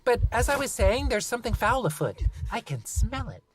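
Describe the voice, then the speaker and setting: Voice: mid-range voice, big pitch swings, normal speed, noisy background, voice pushed up, natural voice. A reader voicing a mischievous, theatrical young boy who leads the group in an audiobook. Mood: bossy. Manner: bossy and theatrical. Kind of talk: audiobook character voice.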